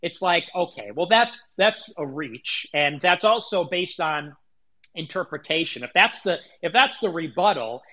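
A livestream host with a highish, expressive, sharp-toned voice delivers a heated, indignant monologue at a measured pace. He swears heavily, keeps restarting, and repeats himself.

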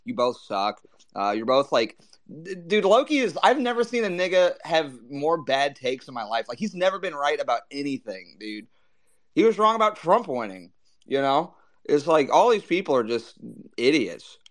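A man's voice: fairly high pitch, big pitch swings, normal speed, a bit bright. A man co-hosting a casual podcast chat, heated and mocking, swearing often and filling gaps with "like". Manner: profane, heated and mocking, with many fillers.

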